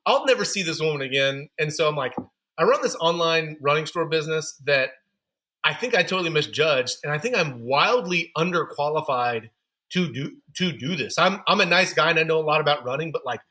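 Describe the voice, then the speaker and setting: A man in his thirties speaks as a podcast guest, his voice pitched a little high and notably bright and forceful. He tells his story candidly and pokes fun at his own shortcomings. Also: lively intonation, fairly quick. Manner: candid, self-deprecating storyteller. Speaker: podcast guest, running store founder.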